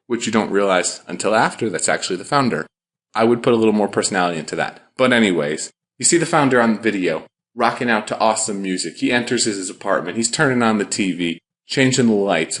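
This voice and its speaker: Upbeat low-voiced male podcast host. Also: a bit bright. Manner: upbeat, enthusiastic, quick rapid-fire delivery. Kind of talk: energetic podcast commentary.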